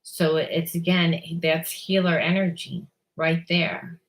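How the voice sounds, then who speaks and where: A woman's voice: fairly low pitch, flat delivery, slow pace. A woman giving a spiritual card reading, rambling and blunt, often repeating herself and swearing casually. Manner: rambling, repeats words and restarts. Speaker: psychic reader.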